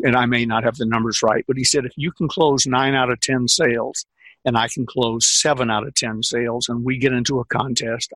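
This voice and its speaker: Older male sales coach, husky, leans hard on key words; dry close sound. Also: mid-range voice, fairly bright tone, dry recording. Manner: emphatic, repeats key phrases, drawn-out stresses. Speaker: sales trainer and script consultant. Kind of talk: conversational interview storytelling.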